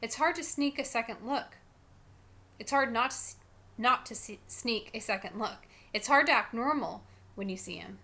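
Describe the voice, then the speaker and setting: A woman reading a novel aloud in an expressive storytelling manner. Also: a little high, moderate pace. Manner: expressive, shifts voice for each character. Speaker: storybook reader.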